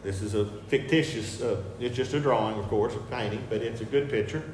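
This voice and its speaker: Emphatic preacher in an echoey hall. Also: male voice, mid-range voice, brisk, slight background noise. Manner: emphatic, repeats key phrases, swings between soft asides and loud declarations. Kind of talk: sermon with picture slides. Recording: echoey hall with faint ambience.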